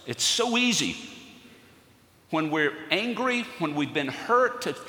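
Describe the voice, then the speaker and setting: A male pastor delivers an earnest sermon with a bright, forceful tone and a slightly high voice. His words ring through a reverberant church hall with a long echo trailing each phrase. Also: big pitch swings, slow pace. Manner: earnest storytelling, rising to fervent emphasis.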